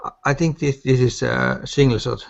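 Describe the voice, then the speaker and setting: A man in a casual online voice chat, talking haltingly and searching for words. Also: medium pitch, steady tone, creaky. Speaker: gun owner in an online voice chat. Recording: muffled voice-chat audio.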